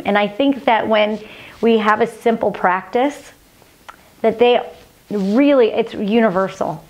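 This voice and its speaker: A woman teaching a healing practice to camera, speaking earnestly and gently, slowing and softening her voice whenever she repeats the mantras. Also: medium pitch.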